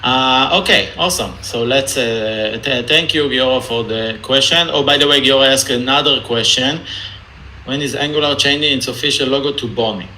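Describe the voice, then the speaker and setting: Over a rough video-call recording with a little hiss or hum, a man with an Israeli accent moderates a casual online meetup Q&A, reading out audience questions. His medium-pitched voice is bright and forceful at a moderate pace, and his manner is jokey and hesitant.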